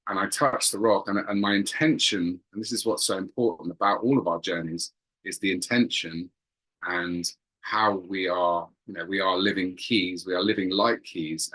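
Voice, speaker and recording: A man's voice: low voice, a bit bright, rough recording. A man earnestly recounting a spiritual experience, often searching for words and repeating phrases. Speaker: guest telling a spiritual experience. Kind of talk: earnest personal storytelling.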